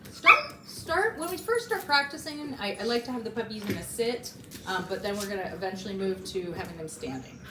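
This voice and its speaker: A woman's voice: expressive, quick pace. A woman dog trainer explaining each step of a training session while coaxing a puppy. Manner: explains steps while coaxing a puppy, jumping to high praise. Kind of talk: instructional training demonstration. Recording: roomy and noisy.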